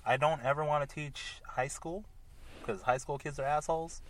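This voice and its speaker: A man's voice: fairly high pitch, fairly even intonation, moderate pace, poor audio. A young man co-hosting a podcast in casual chat, laid-back with dry interjections. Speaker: podcast co-host.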